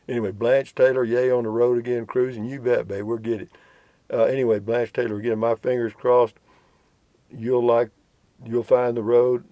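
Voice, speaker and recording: A man's voice: medium pitch, mellow, dry recording. An older man, rambling and chuckling as he reads viewer comments in a casual vlog from a road trip. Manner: folksy, rambling, chuckling often. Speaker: vlogger reading viewer comments. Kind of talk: casual chat.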